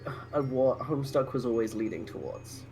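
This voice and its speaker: A woman's voice: very deep voice, moderate pace, soft background music. A woman chatting casually and giggling with a streamer over a voice call. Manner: giggly and animated. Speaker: guest on call.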